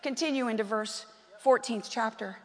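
Woman pastor, high voice, lively chatty sermon delivery, long hall echo. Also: moderate pace. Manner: animated and conversational, questions the congregation. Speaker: preacher. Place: church hall.

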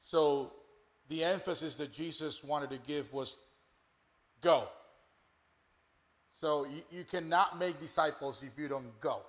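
A man's voice: fairly high pitch, a bit bright. Pastor man stressing his point. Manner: emphatic, repeats key point, measured pauses. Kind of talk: sermon-like discussion.

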